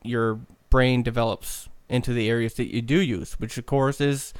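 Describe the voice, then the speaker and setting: A man's voice: mid-range voice, fairly even intonation, moderate pace, clean tone, dry recording. A man hosting a podcast, talking casually in a rambling way with many fillers and restarts. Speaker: podcast host.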